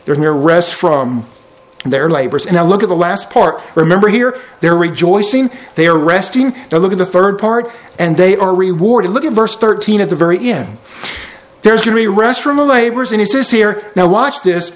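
A pastor preaching a sermon in an animated way, with folksy asides, swinging between loud declarations and hushed words. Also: male voice, high voice, moderate pace, reverberant, poor audio.

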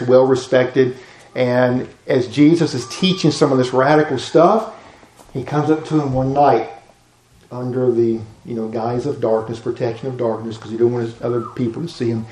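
A man's voice: mid-range voice, a little mellow, echoey room. A man, giving an informal sermon to a class and acting out Bible dialogue in folksy voices. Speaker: pastor teaching a class.

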